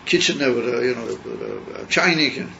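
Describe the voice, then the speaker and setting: A man giving a yeshiva class lecture, mixing English with Yiddish and Hebrew terms and pausing often with fillers. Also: medium pitch, creaky, sharp tone. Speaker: Torah teacher. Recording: dull lo-fi class recording with faint noise.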